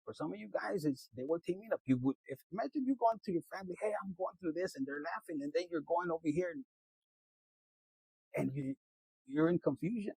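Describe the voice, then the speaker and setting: A man's voice: fairly high pitch, animated, a little fast, creaky, a little mellow, husky, no room sound, low-quality recording. A man giving a casual tarot reading, preachy and blunt, swearing often and dropping in Spanish slang words. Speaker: tarot reader.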